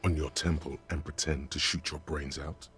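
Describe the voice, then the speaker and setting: A man voicing a dry, calm inner-voice narrator in a game, speaking in a measured, gravelly way. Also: soft background music. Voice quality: deep and gravelly.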